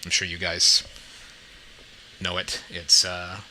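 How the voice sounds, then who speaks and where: Male podcast host, low voice with a bright, forceful edge, chatty and upbeat. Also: monotone, slow, rough recording. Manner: chatty, upbeat, tags sentences with "right?". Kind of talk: casual podcast chat.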